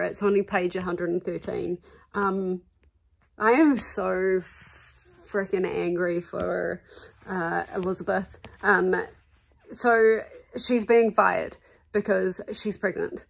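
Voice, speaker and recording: A woman's voice: mid-range voice, vocal fry. A woman with a New Zealand accent chatting casually in a book vlog from home, full of fillers and openly indignant about what she reads. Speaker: book vlogger. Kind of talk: casual reading vlog chat. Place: at home with her cat.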